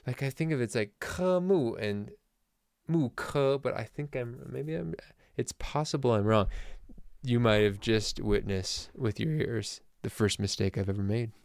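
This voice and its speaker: A man's voice: medium pitch, moderate pace, gravelly, dry recording, clean studio sound. A man teaching a casual vocabulary lesson to camp members, chatty and self-deprecating with small jokes.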